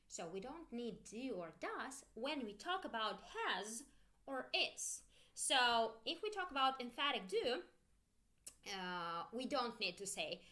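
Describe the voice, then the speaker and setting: A woman with a bright, fairly high voice teaches an online English grammar lesson. Her intonation swings widely as she stresses words. Her first language is Russian, and she repeats each phrase so learners can echo it. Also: lively intonation, normal speed.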